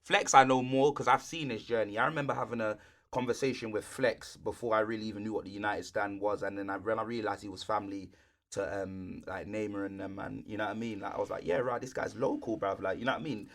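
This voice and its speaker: A young man, co-hosting a podcast in relaxed chat full of street slang. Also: on the low side, fast talker. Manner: laid-back, heavy street slang. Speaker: podcast co-host. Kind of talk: casual chat.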